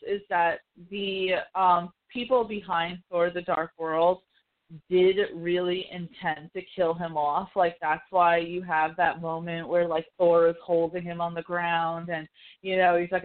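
A chatty podcast host rambles through pop-culture chat, heavy on fillers and casual swearing. The voice sits in a middle pitch. It comes through a narrow, phone-like line.

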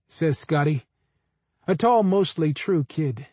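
A man narrating a first-person audiobook in a plain, even storytelling manner. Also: fairly high pitch, unhurried, long pauses, slightly rough, no room sound.

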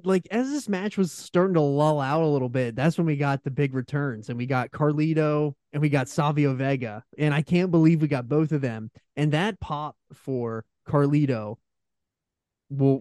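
A man's voice: on the high side, mellow, dry recording, studio quality. A man co-hosting a wrestling podcast, enthusiastic and laughing often. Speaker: podcast co-host. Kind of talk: casual wrestling review chat.

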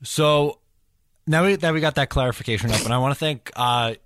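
A man's voice: mid-range voice, fairly quick, a bit bright, no room sound. A man co-hosting a podcast in casual chat, rambling with lots of fillers. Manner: rambling, filler-heavy, overthinking. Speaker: podcast co-host.

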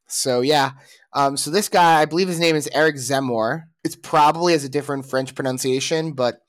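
A man's voice: fairly high pitch, a little fast, no room sound. A man co-hosting a casual podcast, talking through opinions in a rambling way with frequent restarts and fillers. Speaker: podcast co-host.

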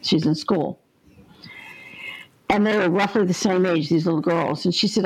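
A woman's voice: lowish voice, unhurried, darkish tone, husky, low-quality recording. An older woman, a guest on an interview podcast, telling stories in an earnest, vivid way and acting out the voices in them. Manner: earnest, vivid storyteller who acts out the voices in her stories. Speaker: interview guest, ghost helper.

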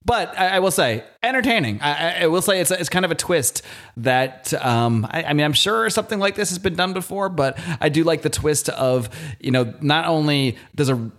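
A man's voice: on the high side, expressive, normal speed, fairly bright tone. A man co-hosting a podcast, giving casual opinions in a hesitant, stumbling way. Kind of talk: casual review chat.

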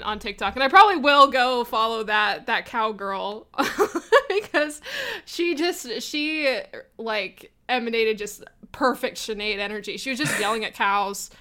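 A woman's voice: medium pitch, pushed and bright. A young woman chatting casually on a podcast, rambling with many fillers. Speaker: podcast player asking listener questions. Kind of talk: casual chat.

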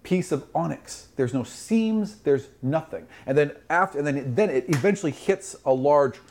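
A man narrating as game master of a tabletop role-playing game, telling the scene in a lively, storytelling way. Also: on the high side, moderate pace. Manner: animated, lively storytelling with sudden exclamations.

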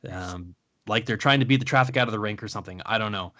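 Guy hosting a podcast, bright voice, chatty and easygoing. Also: lowish voice, quick pace. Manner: conversational, runs the draft picks. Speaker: podcast host. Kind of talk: casual podcast chat.

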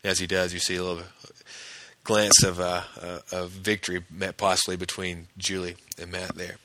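A man's voice: sits low, flat delivery, normal speed, background noise. A man hosting a podcast, casually recapping a TV episode scene by scene and quoting the characters in his own voice.

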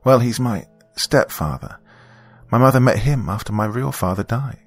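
A man's voice: medium pitch, animated, moderate pace, soft background music, pitched above the performer's own voice. Man voicing a tearful, bitter young woman. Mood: explaining. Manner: soft, grieving, resentful. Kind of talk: audiobook character voice.

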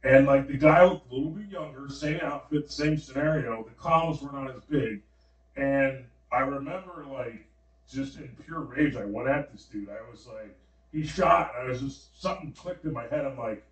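A man telling a long, animated story in casual slang, full of fillers, on a podcast. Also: medium pitch, moderate pace. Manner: animated, slangy dream retelling with many fillers. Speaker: podcast guest. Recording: roomy, distant mic.

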